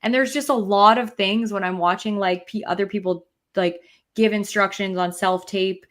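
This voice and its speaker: A woman's voice: medium pitch, normal speed. A woman co-hosting a podcast over a video call, talking casually and animatedly with frequent fillers. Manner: animated, venting, uses filler "like" often. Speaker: podcast co-host. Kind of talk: casual chat.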